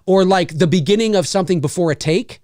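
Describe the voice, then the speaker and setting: A man hosting a podcast, giving animated live commentary on a movie like a showman. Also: high-pitched, fast, no room sound, clean studio sound. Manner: animated, showman-like, keeps saying "ladies and gentlemen". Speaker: podcast host.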